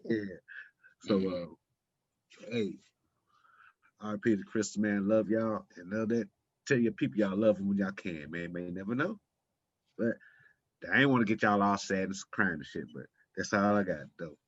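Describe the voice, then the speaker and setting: A laid-back man talks slangy and heartfelt as a podcast co-host. His voice sits lowish and dry. The mic sounds dull and muffled. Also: moderate pace, long pauses, slightly rough, no room sound. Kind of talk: casual chat.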